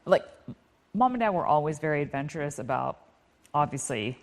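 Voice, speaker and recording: A woman in her forties from Canada, co-hosting a podcast in relaxed, chatty conversation. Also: low voice, fairly quick. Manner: relaxed, chatty, filler-heavy. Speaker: podcast co-host. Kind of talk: casual podcast chat.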